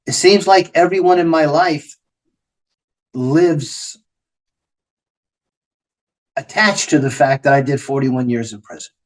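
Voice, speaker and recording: A man's voice: on the high side, takes it slowly, long pauses, poor audio. An older man hosting a podcast, talking bluntly and openly with frequent swearing. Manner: blunt, profane, emotionally open. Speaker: podcast host. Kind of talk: candid podcast conversation.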